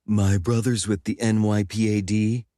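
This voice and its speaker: A man's voice: lowish voice, level tone, moderate pace, warm tone, no echo, studio quality, natural voice. Man reading as a prickly witch woman, pointed tone, slightly raised voice, audiobook. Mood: warning. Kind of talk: audiobook character voice.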